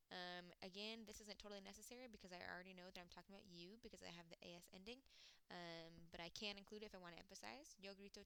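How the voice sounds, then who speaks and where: A woman walks through a recorded lesson in a bright, crisp voice. Her tone is very clear and smooth. She explains patiently, step by step, with plenty of "um"s, and slows down to say foreign words carefully. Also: medium pitch, fairly even intonation. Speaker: Spanish teacher.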